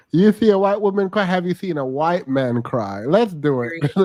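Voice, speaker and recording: A man's voice: a little high, a little mellow. A man hosting a reaction commentary, sassy and blunt, often breaking into laughter. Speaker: commentary host.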